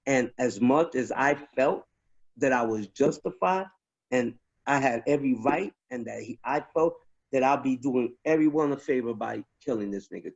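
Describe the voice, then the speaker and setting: Animated, profane man telling war stories. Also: mid-range voice. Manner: profane, animated, many restarts. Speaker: guest, army veteran. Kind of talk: casual storytelling chat. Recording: dull lo-fi sound.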